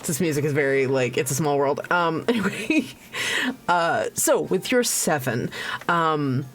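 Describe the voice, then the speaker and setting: A woman's voice: low voice, lively intonation, a little slow, a little hiss or hum. A woman narrating as game master, rambling with many restarts and laughs. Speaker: dungeon master. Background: faint music.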